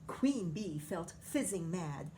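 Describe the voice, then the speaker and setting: A woman's voice: lowish voice, sing-song, takes it slowly, background noise. A woman teacher reading a picture book aloud to children, stopping often to comment and ask questions.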